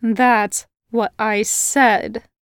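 A brooding fae prince from a fairy-tale audiobook, anxious and snappish, who hisses his worries more than he says them, as a woman narrator plays him. The reading stays slow and unhurried, in a dry, close sound with no room around it. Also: a little high, flat delivery, smooth, no room sound. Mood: gruff snapping. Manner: tense, snapping, hissing.

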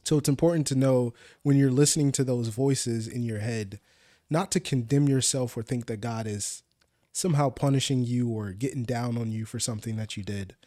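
A man's voice: medium pitch, normal speed, warm tone, no room sound, clean studio sound. A young man co-hosting a faith podcast, explaining his ideas in an earnest, patient way. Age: young adult. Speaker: podcast co-host. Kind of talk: casual faith discussion.

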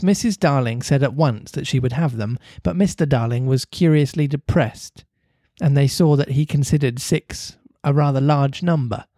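A man's voice: dry recording, clean studio sound. A man reading a classic children's novel aloud to a co-host, lifting his voice for character lines. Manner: animated reader, lifts pitch for character lines. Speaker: reader and co-host.

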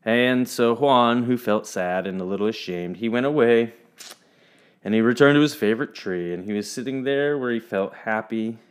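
A man telling a folk tale in an expressive, playful storytelling manner. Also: fairly low pitch.

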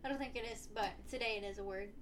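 A woman's voice: mid-range voice, steady tone, very fast, noisy background. A woman co-hosting a casual podcast chat, goofy and teasing. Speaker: podcast co-host.

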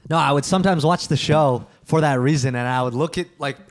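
A man in casual group conversation, his voice sitting slightly high. He rambles through long points, circling back and restarting. The feel is loose and unscripted. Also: fairly quick, a crowd in the background. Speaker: podcast co-host.

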